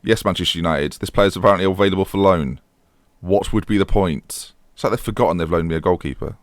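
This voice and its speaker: A young man commenting on his own football management game, chatty and self-mocking, excitable when the match heats up. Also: low-pitched, fast talker, dry recording. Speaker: gaming YouTuber.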